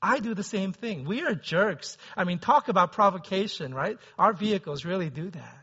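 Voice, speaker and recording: A man's voice: high voice, expressive, normal speed, bright, forceful tone, breathy edge, highs cut off. A man preaching a sermon as pastor, talking conversationally and often checking in with the listeners.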